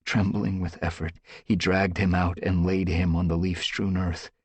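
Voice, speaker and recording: A man with a husky voice reading an audiobook with dramatic, tense storytelling. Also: sits low, flat delivery, measured pace, a little mellow, dry recording. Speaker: audiobook narrator. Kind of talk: dramatic scripted narration.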